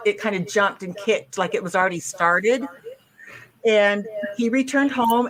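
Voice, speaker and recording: A woman presenting a witness case as an investigator, going step by step with frequent ums and restarts. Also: medium pitch.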